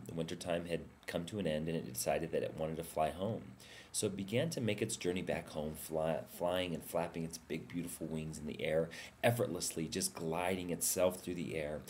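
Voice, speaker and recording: Very deep-voiced male life coach storyteller. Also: slight background noise. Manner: warm, inviting storyteller. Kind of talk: motivational storytelling.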